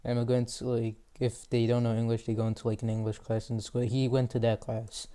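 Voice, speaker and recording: A teenage boy hosts a casual chat, asking loose, rambling questions packed with filler words. His voice is mellow and smooth at an ordinary pitch. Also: flat delivery, a little fast. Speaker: host. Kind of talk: casual interview.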